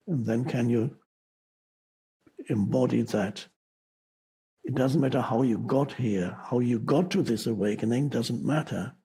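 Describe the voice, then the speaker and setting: Gravelly, husky man teaching slowly. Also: mid-range voice, mellow. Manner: slow, reflective, with pauses and self-corrections. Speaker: spiritual teacher. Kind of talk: unscripted spiritual talk to an audience.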